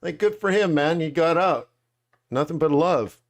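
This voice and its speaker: A man hosting a live trading webinar, chatting casually in slangy, animated storytelling that acts out quotes. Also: fairly high pitch, normal speed. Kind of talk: casual chat.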